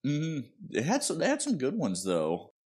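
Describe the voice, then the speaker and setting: A man's voice: a little high, huge pitch swings, normal speed, darkish tone, husky. A young man co-hosting a casual podcast chat with dry, wisecracking humor. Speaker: podcast co-host.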